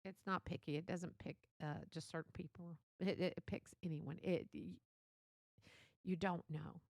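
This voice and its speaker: A woman's voice: lowish voice, steady tone, normal speed, gravelly, no room sound. An older woman hosting a solo podcast, chatty and motherly, laughing often as she talks. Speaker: podcast host. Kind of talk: casual solo podcast talk.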